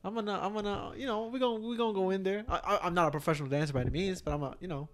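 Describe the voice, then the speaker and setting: Young male co-host, relaxed and teasing, slightly higher voice, casual chat. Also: very fast, slight background noise. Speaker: podcast co-host.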